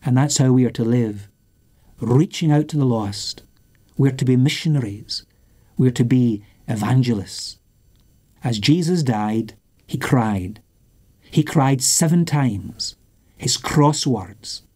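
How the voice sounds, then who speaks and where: A male preacher delivering a sermon at an unhurried pace. He speaks in measured, repeating phrases, with pauses after each line. His voice is warm and mellow. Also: medium pitch. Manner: measured, rhythmic repetition with long pauses.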